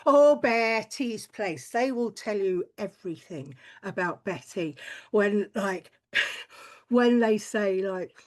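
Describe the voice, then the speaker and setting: A woman's voice: mid-range voice, slow pace. A woman performing a stand-up comedy set, blunt and crude, with chatty tangents and frequent swearing.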